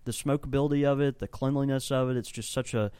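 Guy rambling happily about blends on a podcast, regular pitch, dry close sound. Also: fairly even intonation, fast talker, dark tone, clean tone, no echo. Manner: enthusiastic, rambling, descriptive. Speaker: podcast co-host and tobacco shop blender. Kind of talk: casual chat. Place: tobacco shop.

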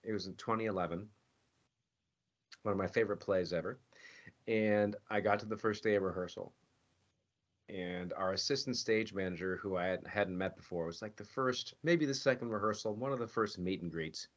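A man's voice: lowish voice, moderate pace. A man, a voice actor being interviewed, telling stories casually and animatedly, acting out his own quoted lines. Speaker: voice actor guest. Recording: dull lo-fi audio.

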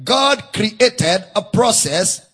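A preacher with a Nigerian English accent teaching from the Bible, reading verses in a singsong way and repeating key phrases for emphasis. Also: male voice, high-pitched, animated, drawn-out words, fairly bright tone, husky.

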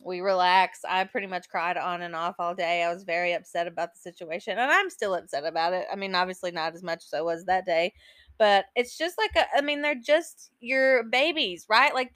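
A woman hosting a casual podcast, talking in an open, emotional way and filling her sentences with "like" and "um". Her voice sits at an ordinary middle pitch for a woman. The recording is dry, with no room echo. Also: fairly bright tone. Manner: chatty, emotional storytelling full of "like" and "um". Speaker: podcast host.

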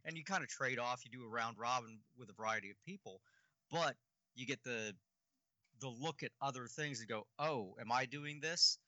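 A man's voice: medium pitch, fairly quick, bright, forceful tone, dry recording, dull audio. A man, a writer, chatting thoughtfully about his craft with fillers and a pun here and there. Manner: thoughtful, uses fillers, punny. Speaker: writer, guest. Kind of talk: casual chat.

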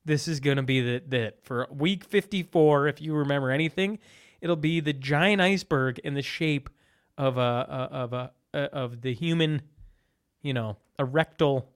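A man's voice: medium pitch, normal speed, clean tone. A man hosting a casual comedy chat show, joking, laughing often and stumbling over his words. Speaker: podcast host.

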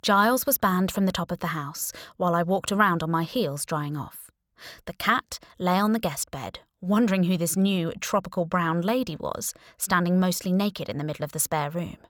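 A woman's voice: fairly low pitch, moderate pace, dry recording, studio quality. Wry woman narrating an audiobook. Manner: wry, lively storytelling. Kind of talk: first-person audiobook narration.

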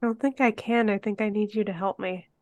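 A woman playing a tabletop game, speaking gently and laughing easily as she plays her character. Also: medium pitch, steady tone, a little fast, no echo, lo-fi sound. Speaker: player. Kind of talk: casual tabletop role-play.

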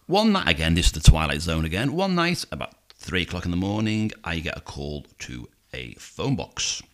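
A middle-aged taxi driver from Liverpool, England, with a thick Scouse accent and a very deep voice hosts a podcast at normal speed. In relaxed storytelling chat he recounts taxi tales, animatedly acting out his passengers' voices.

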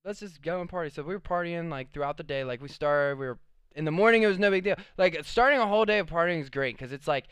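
A man's voice: a little high, expressive, fast talker, fairly bright tone, smooth, no room sound. A young man telling a rambling party story in casual chat, laid-back, with plenty of swearing and filler words. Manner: laid-back, swears a lot, lots of "like" and "dude".

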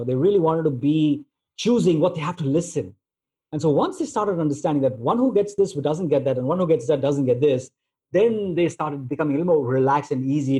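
A man giving a relaxed storytelling talk, using plenty of filler words as he tells everyday examples. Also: on the high side, breathy edge. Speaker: speaker on negotiation.

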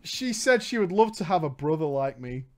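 A man's voice: fairly high pitch, sing-song, moderate pace. A man hosting a comedy podcast, reading a story aloud with exaggerated, laughing banter.

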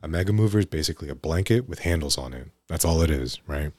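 A man's voice: extremely low pitch, expressive, fast talker, a little mellow, dry recording. A young man, an EMT guest on a podcast, telling work stories casually, with restarts and frequent "right?" tags.

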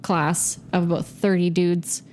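A young adult woman telling a story in a casual podcast chat, animated, profane and self-mocking. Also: lowish voice, a little slow, a little hiss or hum. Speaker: guest storyteller.

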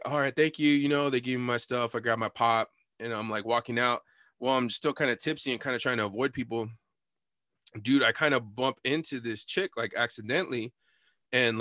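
A man telling a rowdy night-out story in casual chat, swearing and quoting people in sudden high voices, laughing often. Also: no room sound, studio quality. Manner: animated storytelling, swearing, quoting people with big pitch jumps.

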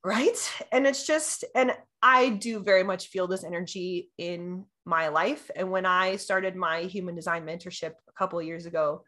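A woman co-hosting a casual astrology chat, bubbly and easily excited, often breaking into laughter and delighted exclamations. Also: on the low side, moderate pace, few pauses. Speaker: podcast co-host.

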